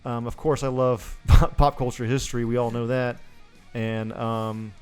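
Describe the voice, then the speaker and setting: A man's voice: medium pitch, little pitch movement, measured pace, darkish tone, smooth, faint music behind. A man co-hosting a podcast in loose casual chat, swearing freely and often laughing. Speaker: podcast co-host.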